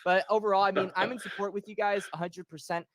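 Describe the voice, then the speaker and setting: A man talking fast and emphatically as a guest on a crypto livestream call. His voice sits a little high, and he rambles as he backs up the hosts. The sound is dry and close. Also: fairly even intonation, fairly bright tone, no echo. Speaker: guest crypto channel creator. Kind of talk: casual livestream talk.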